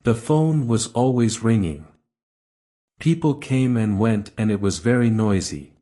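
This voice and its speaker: A man reading a graded story for English learners in a clear, measured way. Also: fairly low pitch, expressive, mellow. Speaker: story reader. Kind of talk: scripted narration for English learners. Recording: roomy echo.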